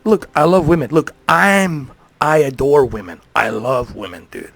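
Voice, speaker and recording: A man's voice: on the high side, measured pace, gravelly, fairly bright tone, no room sound. Profane ranting male streamer, dry sound. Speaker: live streamer. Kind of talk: ranting live stream monologue.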